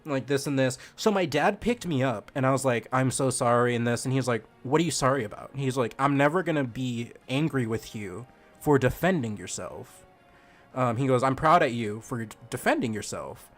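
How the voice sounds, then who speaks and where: A man's voice: medium pitch, lively intonation, normal speed, faint music behind. A young man streaming a game and telling a childhood story in a rambling, profane way, laughing as he goes. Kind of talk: casual storytelling while gaming.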